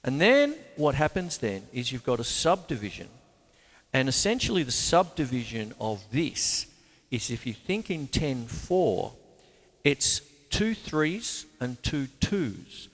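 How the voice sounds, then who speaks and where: A man with an Australian accent hosting a casual drum lesson, chatty and animated, counting beats aloud. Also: mid-range voice, unhurried, in a large hall, music in the background. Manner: animated, chatty, breaks into counting and scat sounds. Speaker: drum teacher and show host. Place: home room with a couch.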